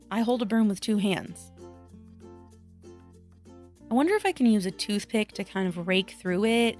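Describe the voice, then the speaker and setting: Chatty woman crafter, faint music behind. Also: mid-range voice. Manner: chatty and self-deprecating, musing aloud. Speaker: craft vlogger. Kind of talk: casual voice-over vlog.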